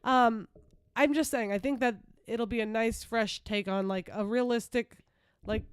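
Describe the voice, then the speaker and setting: A woman talks through a podcast segment in loose, rambling casual chat, leaning on fillers as she goes. Her voice is smooth and clear, recorded close and dry. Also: on the high side, steady tone, unhurried, no room sound. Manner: chatty, rambling, filler-heavy. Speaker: podcast co-host.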